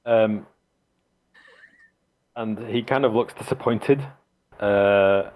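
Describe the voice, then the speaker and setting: Brief: male game master, lowish voice, halting narration full of ums and restarts. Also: fairly even intonation, a little mellow. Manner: hesitant, many fillers and restarts.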